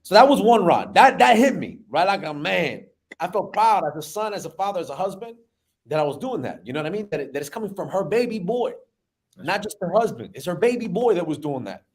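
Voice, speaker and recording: A man in his thirties, a business owner telling an emotional personal story in an animated way, often repeating words. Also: high voice, a little fast.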